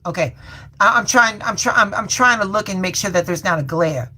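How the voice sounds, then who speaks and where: A woman's voice: mid-range voice, pushed and bright, slightly rough. Folksy woman tarot reader, live stream. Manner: folksy and colloquial, calls viewers baby and y'all; reads affirmations slowly and repeats them.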